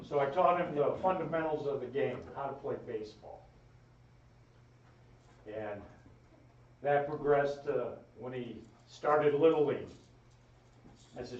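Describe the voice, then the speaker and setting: At a funeral home chapel, a man eulogizes his brother with folksy, rambling family stories. His voice is medium in pitch and moderately paced, and he pauses often. The room is echoey, and the distant mic gives a dull sound.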